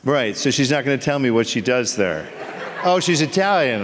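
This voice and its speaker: An actor on a convention panel, a man joking and teasing audience members in playful, quick asides. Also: medium pitch, sing-song, fairly bright tone, slight background noise. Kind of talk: comedic Q&A banter with the audience. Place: convention hall. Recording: echoey convention hall.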